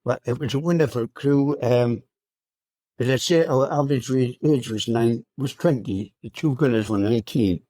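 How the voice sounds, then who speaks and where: A hundred-year-old man recounting his wartime memories as an interview guest, speaking in a halting, unhurried way with many fillers. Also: mid-range voice, warm tone, no room sound. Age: 100. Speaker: RAF veteran guest.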